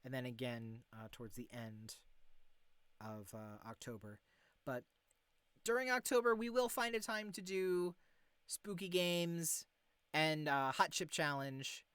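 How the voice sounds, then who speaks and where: A male streamer winding down his stream in loose, rambling chat, full of ums and likes. His voice is smooth and resonant. The sound is close and dry, with no room echo. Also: on the high side, unhurried. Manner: rambling and filler-heavy, gently encouraging. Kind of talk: casual stream sign-off chat.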